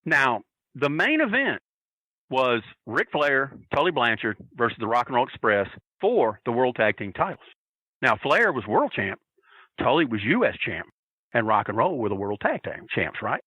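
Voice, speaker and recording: A man, a podcast guest, telling a story in an excitable, profane way and acting out what people said. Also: medium pitch, normal speed, dry recording, low-quality recording. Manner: profane, excitable, acts out quotes. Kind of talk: animated storytelling.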